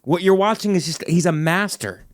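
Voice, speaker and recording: A man hosting a podcast in casual chat, talking emphatically and getting animated when he argues a point. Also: high-pitched, moderate pace, dry recording, studio quality. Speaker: podcast host.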